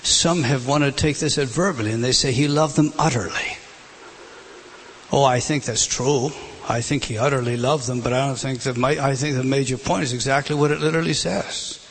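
A man preaching a sermon, moving between a spoken delivery and dramatic drops to a hushed whisper. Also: mid-range voice, fairly quick, slightly rough, poor audio.

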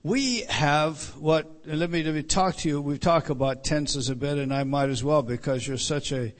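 A man's voice: fairly high pitch, normal speed. A man giving an evening Bible teaching. He works through verses and stresses each quoted line, often repeating a word as he starts a sentence.

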